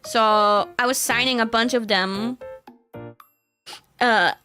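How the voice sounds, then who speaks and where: A woman's voice: on the high side, fairly even intonation, slow pace, pushed and bright, faint music behind. A young woman chatting casually on her stream, rambling with fillers and frequent giggles. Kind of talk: casual chat.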